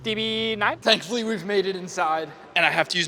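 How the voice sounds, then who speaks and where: A young man with a high, light voice gives quick, playful commentary as he walks among exotic cars, joking and hyping each one. He's recorded on a handheld camera outdoors, with faint street noise behind him. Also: a bit bright. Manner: playful, rattles off car models, hypes and jokes. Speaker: car-spotting vlogger. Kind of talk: excited car-spotting commentary. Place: outdoors at a car meet and inside a dealership.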